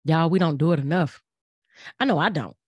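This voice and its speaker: A woman's voice: low-pitched, a little fast, a little mellow, breathy edge, no echo, highs cut off. A middle-aged woman, speaking in an earnest, preachy way and repeating phrases for emphasis. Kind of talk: casual motivational talk.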